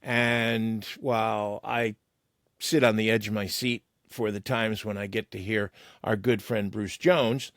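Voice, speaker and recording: A man's voice: lowish voice, steady tone, a little slow, fairly bright tone, dry recording, clean studio sound. A man hosting a podcast in casual chat, talking straight to the listeners. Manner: chatty, addresses listeners. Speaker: podcast host.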